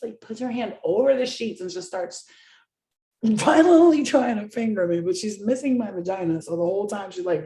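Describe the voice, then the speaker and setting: A young woman tells profane, rambling stories, laughing often. Her voice is mellow and dark-toned. It rings in a roomy space with a noticeable echo. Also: medium pitch. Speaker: vlogger. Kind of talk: casual storytelling.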